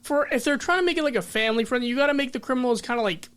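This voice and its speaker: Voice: sits high, racing, fairly bright tone, smooth. A podcast guest talking casually about a film, rambling with restarts and acting out lines from scenes. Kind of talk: casual movie discussion.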